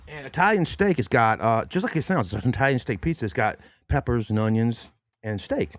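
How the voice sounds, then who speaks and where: A man's voice: medium pitch, lively intonation, a little fast, no echo. Male host, folksy sponsor-read energy, dry close mic. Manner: chatty, folksy, many fillers and restarts. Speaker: podcast host. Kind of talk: casual sports podcast chat with sponsor reads.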